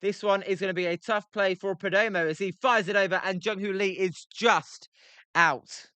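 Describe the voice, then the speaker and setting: A British man with a bright, sharp voice that sits a touch high for a man, chatting casually on a live stream. He reads chat messages aloud and fills gaps with ums, and his tone stays clean and crisp. The sound is close and dry, with no room around it. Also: fairly even intonation, normal speed, dry recording. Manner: filler-heavy, reads chat messages aloud between play calls. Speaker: livestream host.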